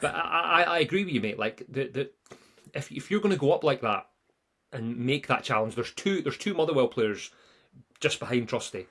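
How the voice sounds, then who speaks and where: A young Scottish man hosting a live football podcast, talking in a loose, animated way. He laughs often and slips into quick impressions of players and pundits as he argues his point. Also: mid-range voice. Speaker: podcast co-host. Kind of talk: casual football chat.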